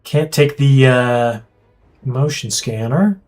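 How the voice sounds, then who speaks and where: A man streaming a strategy game, chatting casually and thinking aloud with quick asides. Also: mid-range voice, a little mellow, faint music behind. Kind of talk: casual gameplay chat.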